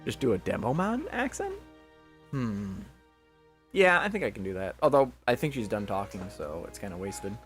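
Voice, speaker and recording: Expressive man reading a visual novel aloud. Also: lowish voice, moderate pace, faint music behind. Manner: expressive, chatty, breaks off into jokey asides. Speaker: visual novel reader, channel host.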